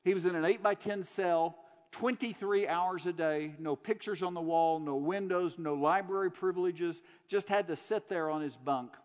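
Earnest preacher in an echoey hall. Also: male voice, sits high, normal speed. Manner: earnest storytelling, emphatic repetitions. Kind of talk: sermon. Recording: long hall reverb.

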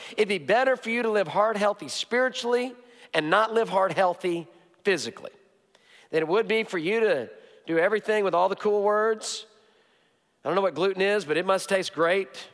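High-voiced emphatic male preacher. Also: a bit bright. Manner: emphatic, hammering repetition with joking asides. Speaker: pastor. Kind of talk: sermon. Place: church sanctuary. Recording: long hall reverb.

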